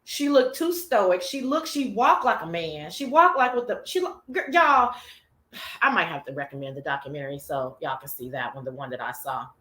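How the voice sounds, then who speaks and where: A woman's voice: on the low side, normal speed, roomy sound. A woman hosting a casual livestream chat show, sassy and profane, talking straight to her viewers. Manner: sassy, profane, animated, chatty. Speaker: talk show host.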